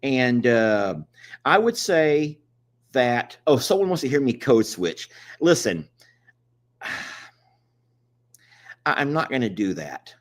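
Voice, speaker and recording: A man's voice: mid-range voice, big pitch swings, takes it slowly, long pauses. A man, co-hosting a live stream in a rambling, chatty way and laughing often. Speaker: livestream co-host. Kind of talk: casual chat.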